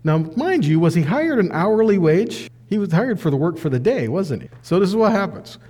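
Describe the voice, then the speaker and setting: High, lively male bible teacher. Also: moderate pace, in a large hall. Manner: animated, acts out quoted voices. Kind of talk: conversational sermon.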